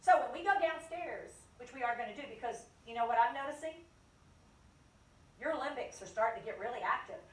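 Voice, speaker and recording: A woman leading a lively dementia care training for a live audience, acting out inner voices and joking with the crowd. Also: a little high, a little fast, far from the mic. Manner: animated, acts out inner voices and jokes with the audience. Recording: echoey room, voice from off the mic.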